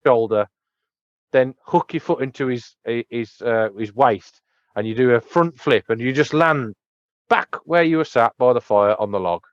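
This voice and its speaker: A man's voice: normal speed, no room sound. DM type, male, rambling, laughing narration, dry lo-fi mic. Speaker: dungeon master. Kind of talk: narrating a tabletop game. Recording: dull low-fi dry mic.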